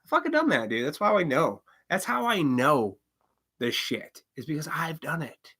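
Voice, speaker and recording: A man's voice: fairly high pitch, sing-song, normal speed, sharp tone, husky. A man hosting a live stream, rambling casually with profanity and chuckles, now and then acting out quoted voices.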